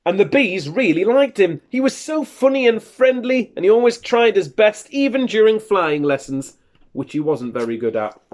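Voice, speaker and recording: A woman teacher reading a picture book aloud to young children in an animated, expressive way. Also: mid-range voice, moderate pace. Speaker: primary school teacher.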